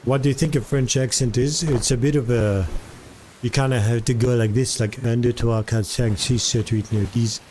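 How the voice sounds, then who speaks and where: A man's voice: medium pitch, a little mellow, a little hiss or hum. A man streaming live, chatting casually and rambling through many fillers while answering his chat.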